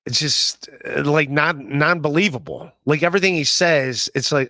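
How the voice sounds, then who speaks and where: A man's voice: medium pitch, unhurried, pushed and bright, no echo, studio quality. A man hosting a podcast, talking casually in a rambling way, with many fillers and restarts. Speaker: podcast host. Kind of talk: casual chat.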